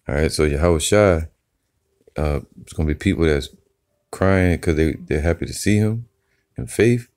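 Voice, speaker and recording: Very deep-voiced man teaching scripture. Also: darkish tone. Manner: reads scripture slowly, then comments loosely with "all right" and "man". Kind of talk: informal Bible teaching.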